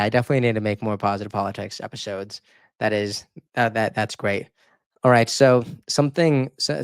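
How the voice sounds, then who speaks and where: A man hosting his channel, reacting to his own past videos in casual commentary, excitable and emotional, often stumbling over and repeating words. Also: fairly low pitch, clear, resonant tone, no echo. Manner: emotional, near tears. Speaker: YouTube political commentator.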